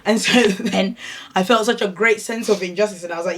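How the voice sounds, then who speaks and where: A woman's voice: mid-range voice, fairly quick. A woman co-hosting a podcast, telling stories in casual chat with lots of fillers. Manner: chatty storyteller, frequent "yeah" and "like" fillers. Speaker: podcast co-host.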